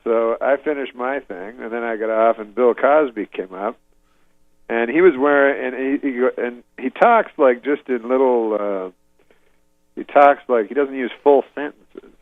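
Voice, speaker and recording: Chill guy rambling through a long story, mid pitch, kinda muffled lo-fi audio. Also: unhurried, no echo. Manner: meandering, laid-back, chuckling asides. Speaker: comedian guest. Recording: dull lo-fi audio.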